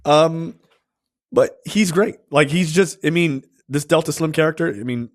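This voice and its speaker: A man co-hosting a film review podcast, talking in a casual, halting way with lots of ums and uhs. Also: fairly high pitch, no echo, clean studio sound. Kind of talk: casual chat.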